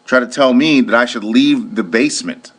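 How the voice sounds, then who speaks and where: A man's voice: medium pitch, moderate pace, a bit bright, breathy edge. A man working as private security, recounting a personal incident in a plain-spoken way. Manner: plain-spoken, retells with acted-out quotes.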